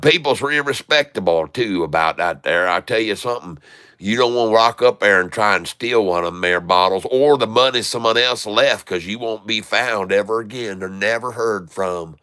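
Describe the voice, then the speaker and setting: A folksy backwoods Southerner spins a tall tale in a thick Deep South drawl, as a man hams it up. The voice rings bright and clean with no room around it. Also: normal speed, smooth, dry recording, studio quality.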